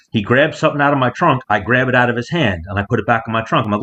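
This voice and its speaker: A man co-hosting a podcast, telling a story in casual chat and loudly acting out the people in it. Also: medium pitch, fast, hardly any pauses. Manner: animated storyteller, acts out quotes loudly. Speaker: podcast co-host. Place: rented house, remote call.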